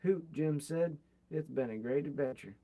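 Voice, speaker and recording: A man reads a biography aloud and chats about it between passages. His voice sits a little high, and he livens up when acting out the quoted lines. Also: normal speed, dark tone, slight background noise. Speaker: reader of a biography. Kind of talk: reading aloud from a book with comments.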